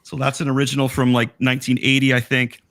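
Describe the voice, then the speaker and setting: A man in casual chat over a video call, his voice going a bit hoarse, rambling excitedly as he shows off his collection. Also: medium pitch, quick pace. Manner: excited, rambling, self-interrupting. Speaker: collector showing memorabilia.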